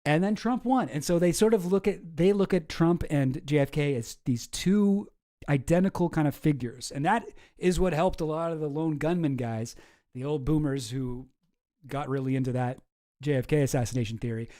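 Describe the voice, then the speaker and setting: A man's voice: fairly high pitch, normal speed, mellow. A man hosting a casual commentary show, rambling and sarcastic. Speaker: commentary host.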